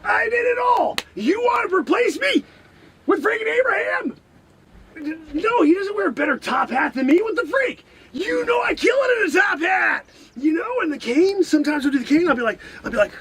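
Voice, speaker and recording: A man's voice: high voice, very animated, moderate pace, a little hiss or hum. A man playing a boastful, melodramatic time-traveling man who rants in exasperation in an improvised comedy sketch. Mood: indignant. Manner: exasperated rants, shouting, frequent exclamations.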